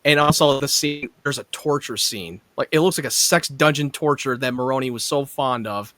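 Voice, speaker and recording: A man hosting a casual podcast reads out episode summaries at a middle pitch and trips over longer words before starting again. The sound is dry and close, with no room around it. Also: normal speed, a bit bright, dry recording. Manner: stumbles over words and restarts. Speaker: podcast host.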